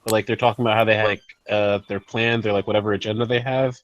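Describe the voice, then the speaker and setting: A man co-hosting a casual group voice-call chat, halting and filler-heavy. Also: fairly low pitch, little pitch movement, fairly bright tone, highs cut off, slight background noise. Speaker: podcast co-host.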